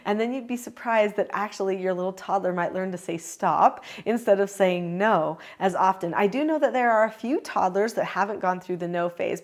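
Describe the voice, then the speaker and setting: An older woman who is a parenting educator, giving firm, instructive advice straight to the camera. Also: medium pitch. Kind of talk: direct-to-camera advice talk.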